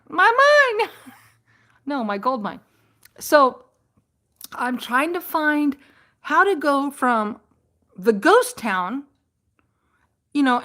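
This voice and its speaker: Rambling, laughing woman live-streamer. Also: sits high. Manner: rambling, animated, laughs and restarts often. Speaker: vlogger on a live chat stream.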